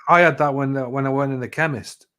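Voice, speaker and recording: A man's voice: mid-range voice, steady tone, quick pace, bright, forceful tone, smooth. A man telling stories in a casual chat, rambling and swearing freely with lots of "you know". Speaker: live chat host.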